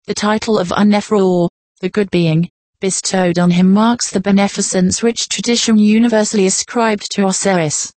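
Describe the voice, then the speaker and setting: A woman reading an old nonfiction text aloud in a measured, formal narration. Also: medium pitch, a little mellow, no room sound. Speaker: audiobook reader.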